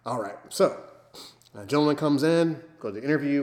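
A man of middle pitch hosts a podcast in a casual, playful way. He sets up jokes like a storyteller and often tells the listeners to bear with him. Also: normal speed, a little mellow. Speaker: podcast host. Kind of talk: casual chat.

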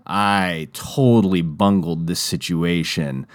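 A man tells a personal story in a loose, rambling way, speaking a little slowly with hardly any pauses. He's animated, jumping into high, raised voices when he quotes other people, and he restarts often and uses lots of fillers. His tone is clean, recorded in a studio with no room sound.

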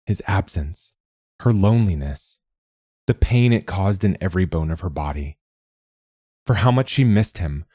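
A man reading a story aloud in a measured, somber narration. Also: sits low, darkish tone, husky, dry recording, studio quality.

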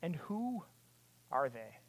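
A preacher delivering a sermon with passion, asking rhetorical questions and building to loud, emphatic peaks. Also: mid-range voice, very animated, takes it slowly, slightly rough.

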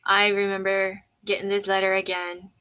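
A woman guest telling a personal story in an animated way, acting out the voices of people she quotes, with frequent fillers and restarts. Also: medium pitch, normal speed, poor audio. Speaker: interview guest.

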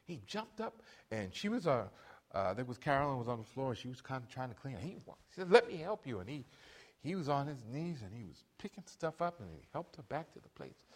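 A man's voice: medium pitch, husky. A middle-aged man preaching a sermon as pastor, calling on the congregation for amens between points. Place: church.

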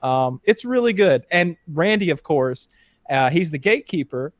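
A man chatting casually on a podcast, recounting TV episodes with animated, excited storytelling. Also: normal speed, no room sound. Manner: animated storytelling, rising in pitch when excited. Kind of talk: casual chat.

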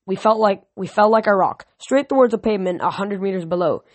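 A male amateur reader reads a novel chapter aloud at an even pace. He often stumbles, restarts and corrects himself. The close mic gives a dry, roomless sound. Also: high-pitched, brisk, few pauses, dry recording. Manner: unpolished read with frequent restarts and self-corrections. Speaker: audiobook reader.

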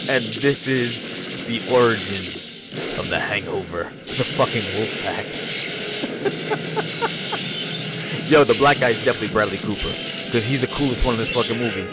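A man giving a loud, laughing, profane comedic reaction to a movie trailer, full of slang. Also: medium pitch, unhurried, long pauses, over loud music.

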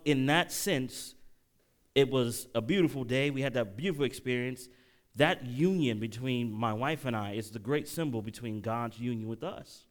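A middle-aged man delivering a sermon in a lively, animated way. His voice rises and falls widely as he tells stories and keeps asking the congregation whether they are following along. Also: medium pitch. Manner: animated preaching, audience call-outs, emotional storytelling. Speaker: pastor.

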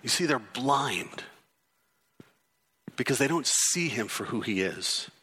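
A male pastor preaching an expository sermon, emphatic, with repeated rhetorical questions and sudden drops into low, intense delivery. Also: animated, slow pace, sharp tone, slightly rough.

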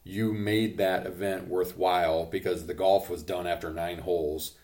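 A man's voice: deep voice, little pitch movement, normal speed. A man hosting a sports podcast, giving emphatic, opinionated takes in casual talk. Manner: emphatic, opinionated, rising to loud points. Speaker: podcast host.

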